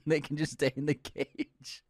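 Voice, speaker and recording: A man co-hosting a casual chat about a film, jokey and animated, swearing freely and acting out quotes. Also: fairly high pitch, slow pace, dry recording, clean studio sound. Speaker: co-host.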